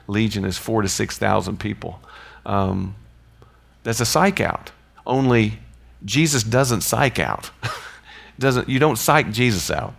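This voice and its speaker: A man's voice: lowish voice, lively intonation, slow, creaky, a bit bright. A man giving an informal Bible teaching, conversational and mixing in personal stories and chuckling asides.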